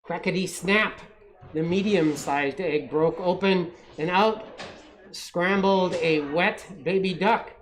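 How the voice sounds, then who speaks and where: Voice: medium pitch, slow pace, slight background noise. A storytime reader, reading a picture book aloud to children with playful asides. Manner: playful, with asides to young listeners.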